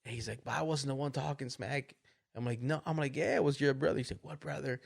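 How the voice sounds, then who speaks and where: Male podcast co-host, casual storyteller, mid-range voice, animated. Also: mid-range voice, quick pace, vocal fry, slightly rough. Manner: animated retelling, acts out quotes, laughs often.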